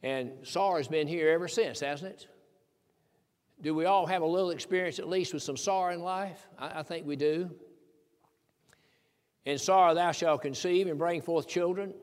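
An older male preacher from Tennessee delivers a sermon, folksy and emphatic, climbing into fervent high peaks. His voice sits a bit high for a man. A long church-hall reverb trails every phrase. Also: normal speed, long pauses. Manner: folksy, emphatic preaching with rising fervor and chuckles.

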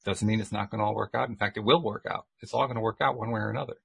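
A man's voice: fairly low pitch, steady tone, very fast, gravelly, a bit bright, husky. A man in reflective casual conversation, talking thoughtfully with frequent restarts.

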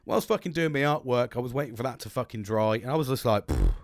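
A man rambling through a casual podcast monologue, swearing freely and restarting his sentences. His pitch sits in an ordinary middle range. The sound is close and dry, with no room around it. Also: fast, dry recording. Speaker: podcast host.

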